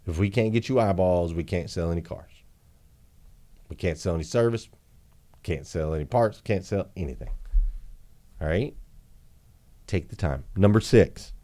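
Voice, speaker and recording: A man coaching car dealers in an energetic, emphatic training talk, repeating his points for punch. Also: deep voice, normal speed, pauses often. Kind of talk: motivational business training talk.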